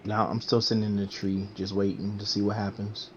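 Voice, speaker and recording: A man joking and speaking haltingly as a player in a tabletop game. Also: fairly low pitch, completely flat delivery, a little hiss or hum. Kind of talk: casual tabletop game chat. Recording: dull lo-fi mic.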